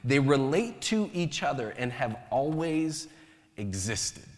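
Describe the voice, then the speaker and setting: A man's voice: mid-range voice, sing-song, slow pace, a little mellow, long reverb tail. A man preaching a sermon as pastor, conversational and joking in his asides.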